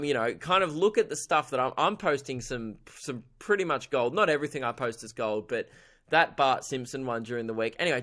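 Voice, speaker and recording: A man's voice: mid-range voice, fairly bright tone. A man with an Australian accent hosting his own comedy podcast, rambling irreverently and laughing at his own jokes. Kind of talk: solo comedy podcast monologue.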